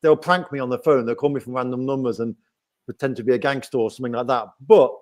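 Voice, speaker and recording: A man's voice: medium pitch, steady tone, quick pace, darkish tone. A man with a Nottingham English accent hosting a casual livestream chat, rambling and often asking "right?". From England. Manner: chatty, rambling with frequent "right?". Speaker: host.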